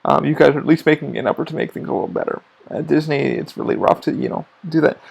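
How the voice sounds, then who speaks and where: Gravelly, cursing theme park podcaster man. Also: a little high, fast talker, a little mellow. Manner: profane, rambling, restarts often. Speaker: podcast host. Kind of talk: rambling casual monologue.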